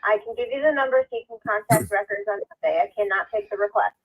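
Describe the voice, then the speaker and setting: A woman's voice: mid-range voice, fast. Firm woman dispatcher over a tinny phone line. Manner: firm, businesslike refusal. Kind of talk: phone call.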